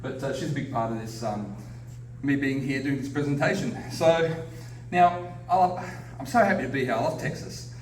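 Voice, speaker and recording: A man's voice: medium pitch, moderate pace. Chatty Australian man presenting on stage. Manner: chatty and self-deprecating, frequent fillers and laughs. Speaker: paranormal researcher giving a presentation. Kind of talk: casual conference talk. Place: convention hall. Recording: echoey hall from a distance, faint background noise.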